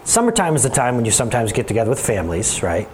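A man preaching in a church as its pastor, with a conversational style that climbs high when he presses a point. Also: wildly swooping pitch, very fast, darkish tone, a little hiss or hum. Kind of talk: sermon. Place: church sanctuary.

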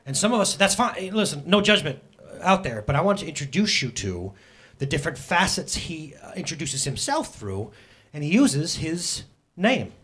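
Husky animated preacher man. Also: a little high, normal speed. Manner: animated, joking asides, addresses congregation directly. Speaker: pastor. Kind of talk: casual conversational sermon. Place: church sanctuary.

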